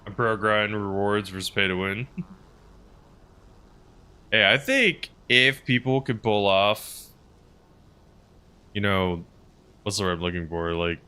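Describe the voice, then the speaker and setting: A man's voice: on the low side, expressive, takes it slowly, long pauses, bright, forceful tone, clear, resonant tone. A male streamer in casual live-stream chat, rambling and answering his chat's messages as he plays.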